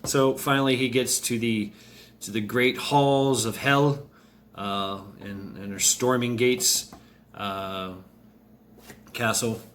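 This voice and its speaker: A man's voice: medium pitch, steady tone, slow pace, a bit bright, slight background noise. A man casually telling a story aloud, rambling, with many fillers and restarts.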